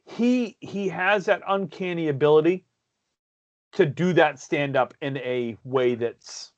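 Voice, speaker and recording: A man's voice: a little high, slow, muffled recording. A man from Maine, co-hosting a podcast in casual chat, rambling and enthusiastic with many restarts. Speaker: podcast co-host.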